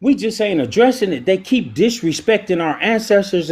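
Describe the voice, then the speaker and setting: Husky, passionate man debating. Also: high voice, expressive, darkish tone. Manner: passionate, emotional, many "um" pauses. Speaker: debate panelist. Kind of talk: live online debate.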